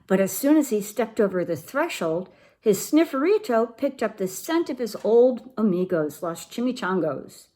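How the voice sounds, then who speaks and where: A woman reading a picture book aloud to children in an expressive, animated way. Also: a little high, moderate pace. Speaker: storybook reader for children.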